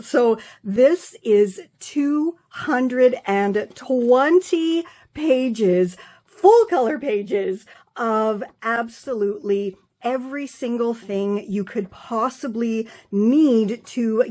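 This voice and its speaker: A woman with a voice pitched somewhat above most women's, talking through her projects in a relaxed show-and-tell vlog. She gushes with pride and piles on effusive praise as she goes. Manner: gushing, effusive, proud. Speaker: craft author and vlogger.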